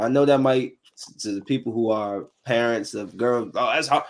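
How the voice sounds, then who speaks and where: A man in his thirties hosting a casual podcast panel, telling animated stories in slangy talk and acting out the quotes. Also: medium pitch, moderate pace. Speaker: podcast host.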